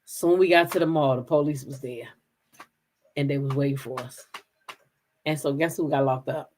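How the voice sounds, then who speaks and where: A woman from the DC hosting a casual livestream, telling stories straight to her viewers in an animated, profane way. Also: very deep voice, moderate pace, a little hiss or hum. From Kensington, Maryland, near Washington DC. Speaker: livestream gossip host. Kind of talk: casual chat with live viewers.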